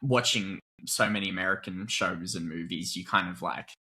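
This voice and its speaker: A man's voice: sits low, normal speed, bright, forceful tone. A young man from Australia, a guest actor chatting casually in an interview, laid-back and laughing often, with plenty of "like" fillers.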